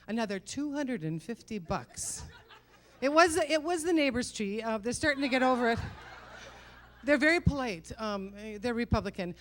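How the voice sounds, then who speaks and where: A fairly high-pitched, very animated middle-aged woman performs comedy on stage. She mocks herself with punchy timing and keeps throwing quick rhetorical questions at the audience.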